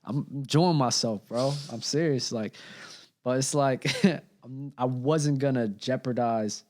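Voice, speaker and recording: A man's voice: mid-range voice, unhurried, a little mellow. Young man, podcast guest, slangy and nervous, hiccuping, says bro a lot, mid-range voice. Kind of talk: casual chat.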